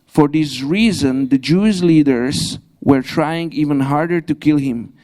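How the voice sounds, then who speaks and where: A young man preaching a sermon in a church, pausing and restarting often, with grammar and the odd light laugh. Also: fairly high pitch, dark tone. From Slovakia. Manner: halting, frequent restarts, non-native grammar, light laughs. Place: church hall.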